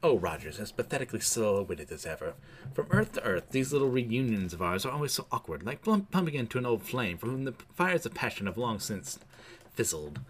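A man's voice: mid-range voice, sing-song, fairly quick, slight background noise, lightly acted, low-quality recording. A man reading as a sneering supervillain. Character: gloating male supervillain, sneering and theatrical. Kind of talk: reading comic dialogue aloud.

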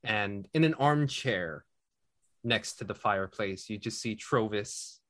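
A man narrating a tabletop game as game master, relaxed and halting. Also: lowish voice.

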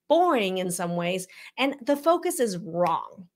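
Emphatic female health practitioner, live reaction commentary, teacherly and animated. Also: on the high side, slow, few pauses. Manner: frequent "okay?" check-ins. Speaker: functional medicine practitioner.

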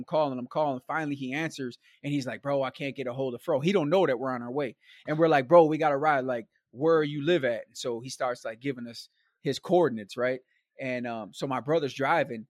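A guest storyteller spins a long, rambling tale in a casual, animated way, full of slang asides and fillers like "like," "man" and "bro." His voice is medium-pitched and fairly quick, and the recording is dry, studio-quality sound.

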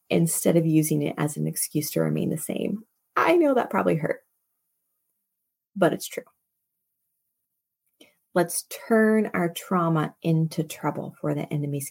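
A woman's voice: low voice, a little slow, creaky, darkish tone, breathy edge. A woman preacher hosting her show, speaking with emphasis and repeating key phrases for stress, then reading scripture aloud.

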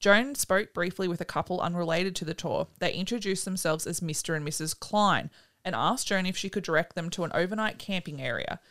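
Bright-voiced woman podcast host. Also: fairly low pitch, fairly quick. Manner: chatty, laughing, swears freely. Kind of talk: casual chat and storytelling.

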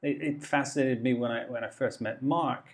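A man's voice: mid-range voice, steady tone, normal speed. A man from Devon, England, talking as an interview guest in a thoughtful, rambling way with lots of fillers and restarts. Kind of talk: casual interview chat.

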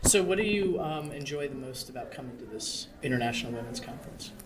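A woman's voice: extremely low pitch, animated, fast. A woman interviewing conference attendees, encouraging and affirming. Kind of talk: casual interview questions. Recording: noisy crowd behind. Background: chattering crowd.

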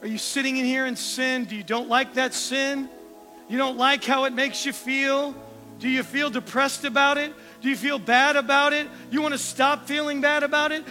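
A man preaching a sermon in a very high, bright, forceful voice. He presses the listener with questions, then drops low and quiet to land a point. Soft music plays behind him. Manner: earnest, questioning, dropping to a soft hush for emphasis.

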